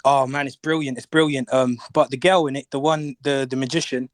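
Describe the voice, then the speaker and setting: A man's voice: medium pitch, steady tone, fairly quick. A young man talks in a loose, rambling way and keeps checking in with "you know what I mean". His recording is dry, with no room echo. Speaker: caller in an audio chat room. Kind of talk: casual chat.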